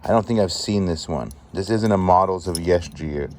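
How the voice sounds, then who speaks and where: A man vlogging as he sorts a storage unit find, chatting excitedly and appraising each item aloud. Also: deep voice, brisk, a little hiss or hum. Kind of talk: casual show-and-tell commentary.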